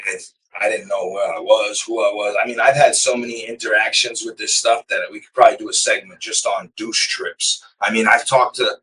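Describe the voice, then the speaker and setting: A man from Massachusetts tells a story on a podcast, rambling and swearing freely and often checking in with "you know what I mean". His voice is bright and sharp. He sounds a little distant from the microphone. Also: fairly low pitch, steady tone, a little fast, hardly any pauses, slight background noise. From Massachusetts, USA. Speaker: podcast guest. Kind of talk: casual storytelling of prison life.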